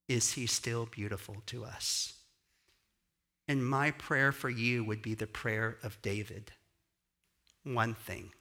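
A man, founder of a dance company, giving an inspirational sermon in a storytelling way that slows and softens for emphasis. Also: medium pitch.

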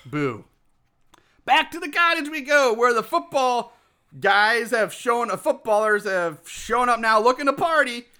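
A man's voice: extremely high pitch, very animated, measured pace, bright, forceful tone. A man casually recapping a bad movie with profanity, sarcasm and frequent laughter. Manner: profane, sarcastic, laughs often, mocking impressions. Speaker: podcast co-host reviewing a movie.

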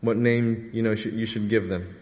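A man's voice: on the low side, fairly even intonation, normal speed, darkish tone. Male pastor preaching in an echoing hall. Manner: conversational preaching with frequent rhetorical "right?". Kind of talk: sermon. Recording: reverberant hall.

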